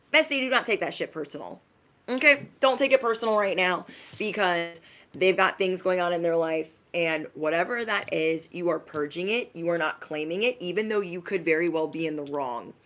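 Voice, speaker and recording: A woman's voice: fairly low pitch, a bit bright. A woman giving a casual spiritual message to her viewers as an intuitive reader, in a chatty, emphatic, slangy way.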